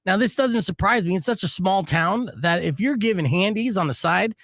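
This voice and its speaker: A man's voice: sits high, lively intonation, moderate pace, fairly bright tone, no echo. A man hosting a live radio show, telling stories in a brash, casual way and swearing freely from a studio mic. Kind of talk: casual on-air storytelling.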